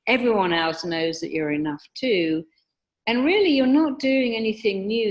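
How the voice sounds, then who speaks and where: Calm woman explaining emphatically. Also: mid-range voice. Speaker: hypnotherapist and guest speaker. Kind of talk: teaching in an interview.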